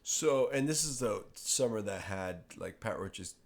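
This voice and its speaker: A man's voice: on the low side, animated, gravelly. A man hosting a podcast in casual chat, chiming in with short asides and prompts to his guest. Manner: chimes in with quick asides and prompts. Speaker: podcast host.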